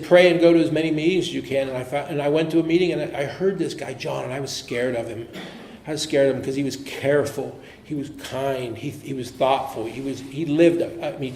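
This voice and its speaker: A man's voice: fairly high pitch, a little hiss or hum. Earnest man telling his story in an echoey hall. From Pittsburgh area. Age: middle-aged. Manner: earnest and animated, quick to laugh, trailing off to a murmur. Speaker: AA speaker. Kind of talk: personal recovery story told to a meeting. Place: meeting hall.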